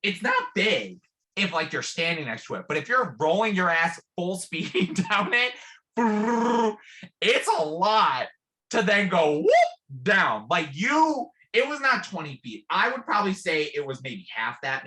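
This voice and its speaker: A young man with a bright, edgy voice talks with wide swings in pitch. He tells the story dramatically and jumps up sharply in pitch when he acts out his own reactions. His tone is casual, and he co-hosts the channel. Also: measured pace. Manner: animated, dramatic, big swings in voice when quoting. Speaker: channel co-host.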